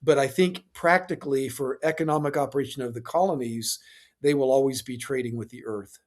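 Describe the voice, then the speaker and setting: A man's voice: mid-range voice, a little fast. A man answering as an interview guest, explaining step by step in a lecturing way with fillers and restarts. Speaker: space industry guest.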